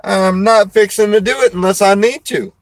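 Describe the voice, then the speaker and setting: A man's voice: high voice, moderate pace, no room sound, rough recording. A man, a preacher and show host, chatting casually in a folksy, rambling way and laughing often. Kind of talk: casual chat.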